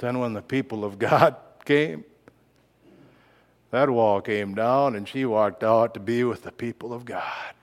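A man preaching a sermon, moving from quiet reflective lines to loud emphatic outbursts, laughing now and then. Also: mid-range voice, unhurried, in a large hall. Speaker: pastor.

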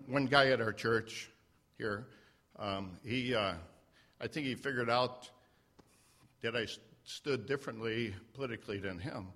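A man at a church mic telling a personal story, halting and self-deprecating, with many fillers and restarts. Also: medium pitch, a bit bright. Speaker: church member sharing a testimony. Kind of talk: unscripted personal testimony. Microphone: standing mic.

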